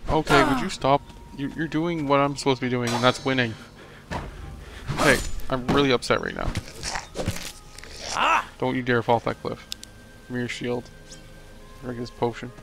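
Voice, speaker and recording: A man's voice: mid-range voice, big pitch swings, normal speed, gravelly, pauses often, over music. A young man commenting on his game as a let's play host, joking and rambling and talking back at the enemies. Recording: noisy home recording.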